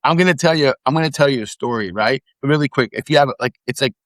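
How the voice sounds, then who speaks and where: Middle-aged male podcast guest, mid-pitched, animated storyteller, dry close sound. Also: fast, dry recording. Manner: animated storyteller, acts out quotes, swears. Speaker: podcast guest, former immigration officer. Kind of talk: casual storytelling in conversation.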